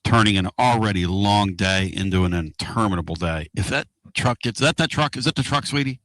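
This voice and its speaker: A man hosting a casual radio talk show from inside a moving car, excitable and rambling. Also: on the low side, a little fast, dry recording. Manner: excitable, rambling and loud-mouthed.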